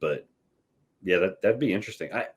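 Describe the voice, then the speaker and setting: A man's voice: low voice, animated, fairly quick, slightly rough. A man who designs war games, explaining at length as a guest in a casual chat, with restarts and "right?" tags.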